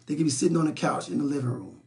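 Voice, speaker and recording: A middle-aged man, hosting a live relationship talk stream. His voice is fairly high for a man, with a gravelly rasp. He speaks bluntly and preaches, often repeating words and stumbling over them. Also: expressive, very fast, mellow. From South Side of Chicago, USA. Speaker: relationship talk show host. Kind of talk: live-stream talk, reading and answering viewer comments.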